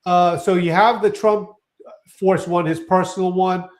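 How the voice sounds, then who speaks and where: A high-pitched man co-hosting a relaxed live stream. He gets excited, trips over his words and starts his sentences over. His tone is chatty and loose. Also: measured pace. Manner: excitable, restarts sentences, laughs often. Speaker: co-host. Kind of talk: casual live-stream chat.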